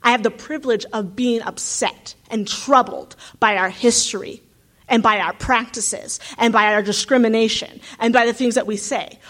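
A graduate student from the United States gives a reflective talk, earnest and animated, in a slightly higher than usual register. She thinks aloud, breaking up her points with little asides and rhetorical checks.

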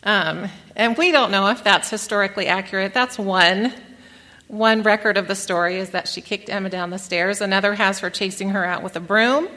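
A woman with a bright, forceful voice gives a talk to an audience, dropping wry, dry asides into her narration. Her voice carries with a long reverb tail through a lecture hall. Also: mid-range voice, normal speed. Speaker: speaker giving a talk.

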